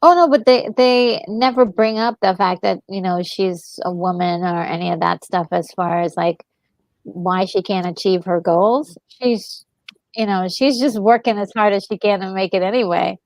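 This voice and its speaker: A woman co-hosting a watch party, chatting softly and agreeing often. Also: mid-range voice, fairly even intonation, moderate pace, dry recording, low-quality recording. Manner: soft-spoken, agreeable, many mm-hmms. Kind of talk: casual commentary while watching a film.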